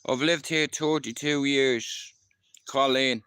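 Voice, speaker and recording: Middle-aged Irish man, livestream storyteller, rough street talk, clear smooth voice, dry mic. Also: medium pitch, fairly even intonation, slow pace, sharp tone, dry recording. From Ireland. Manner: rambling, swears freely, keeps asking if you understand. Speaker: livestream host. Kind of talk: casual storytelling.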